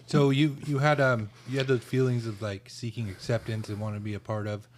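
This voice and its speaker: A man hosting a podcast, asking relaxed, halting questions. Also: medium pitch, slight background noise. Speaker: podcast host. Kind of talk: casual interview questions.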